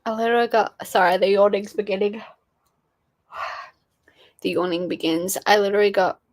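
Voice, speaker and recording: A woman's voice: medium pitch, steady tone, moderate pace. A young woman, hosting a casual livestream, rambling and swearing casually while chatting with viewers. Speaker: livestream host. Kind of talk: casual chat reading live chat.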